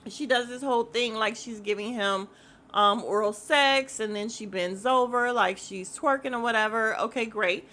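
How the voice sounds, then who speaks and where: Woman host, casual podcast chat: blunt, profane, animated, with a sharp, slightly high voice. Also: moderate pace. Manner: animated, mimics voices of others in quotes. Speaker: podcast host recapping a reality show.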